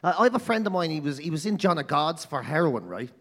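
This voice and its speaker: A man's voice: fairly high pitch, sing-song, fast talker, in a large hall, noisy background. A man with a Dublin accent, chatting on a podcast and telling stories bluntly, swearing a lot and laughing often. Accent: Irish, Dublin. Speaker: podcast co-host. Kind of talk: casual chat, storytelling.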